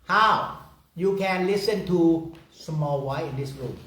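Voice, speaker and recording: Slow, echoey male meditation teacher. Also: fairly high pitch, fairly bright tone. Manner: simple broken English, laughs often, repeats phrases. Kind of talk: guided meditation talk. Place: meditation room. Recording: echoey room, far from the mic.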